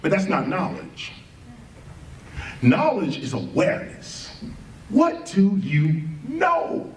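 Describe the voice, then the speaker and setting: A man's voice: high-pitched, wildly swooping pitch, takes it slowly, a little hiss or hum. A man giving a spoken lecture, emphatic, firing off rhetorical questions and spelling words out letter by letter. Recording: roomy, distant mic, faint background ambience.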